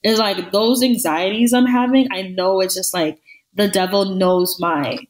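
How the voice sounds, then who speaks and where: A woman co-hosting a podcast in casual chat, talking in an animated, emphatic way and repeating phrases for stress. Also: mid-range voice, unhurried, rough recording. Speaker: podcast co-host.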